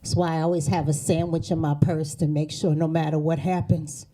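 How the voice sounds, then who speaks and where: Deep, dark, and a little fast, with little pitch movement, her voice carries a brash, profane stand-up routine full of sarcastic punchlines. The comedian hails from New England, on the East Coast, and performs live, her stage mic catching the audience's laughter.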